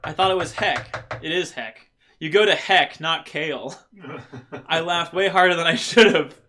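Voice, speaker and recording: A man's voice: on the high side, unhurried, bright, forceful tone, faint music behind. A man hosting a livestream, chatting playfully and laughing as he reads viewer comments. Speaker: livestream host. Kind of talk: casual chat reading viewer comments.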